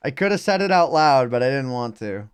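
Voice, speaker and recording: Animated male game streamer, rambling. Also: medium pitch, a little fast, clean tone. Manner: rambling, self-mocking asides. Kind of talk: live game-stream commentary.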